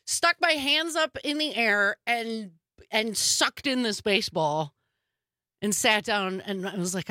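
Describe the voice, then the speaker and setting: A woman hosting a talk radio show, chatting in an animated way and telling stories. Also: fairly high pitch, takes it slowly, no room sound, studio quality. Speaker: radio host.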